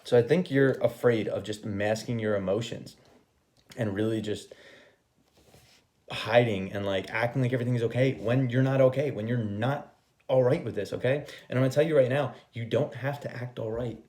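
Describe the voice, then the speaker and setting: A man's voice: medium pitch, moderate pace. A young man giving a casual tarot reading, swearing freely, acting out quoted voices and ending points with a checking "okay?". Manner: profane, animated, acts out quoted voices. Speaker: tarot reader.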